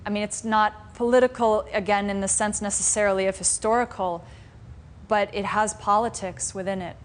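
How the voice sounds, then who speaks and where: A woman's voice: mid-range voice, fairly even intonation, moderate pace. A woman meditation teacher telling a story and teaching a live class in a reflective, conversational way. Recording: faint room noise from a live stream.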